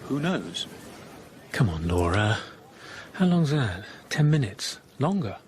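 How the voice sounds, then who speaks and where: A dry, sardonic husband in his thirties with a mocking wit in a radio play. His voice sits in a middle pitch over faint broadcast hiss. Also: very animated, takes it slowly, a little mellow. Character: wry, sardonic English husband on holiday. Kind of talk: radio drama acting.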